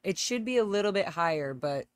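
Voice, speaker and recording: A woman's voice: mid-range voice, animated, brisk, no room sound. A woman hosting a casual livestream from home on a close microphone, chatting and greeting viewers by name. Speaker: livestream host. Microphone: close desk microphone.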